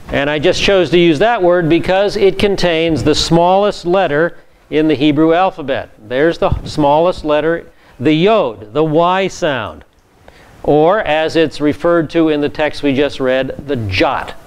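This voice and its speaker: A man's voice: fairly high pitch, unhurried, clear, resonant tone. A man, a pastor, giving a methodical Bible teaching session from slides and repeating key words for emphasis.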